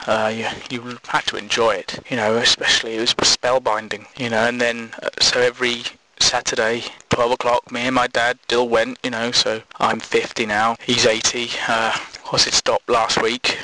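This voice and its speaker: A man voicing a bitter, crude middle-aged man in his fifties who rambles in a slow, deadpan way. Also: medium pitch, no echo, pitched below the performer's own voice, natural voice, rough recording. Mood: rambling. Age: 50s.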